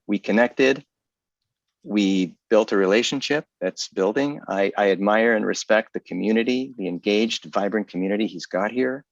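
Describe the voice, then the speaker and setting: Earnest low-voiced man on a dull call. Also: moderate pace, creaky, no echo. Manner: earnest, articulate, lots of restarts. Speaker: guest speaker. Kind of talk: casual virtual talk.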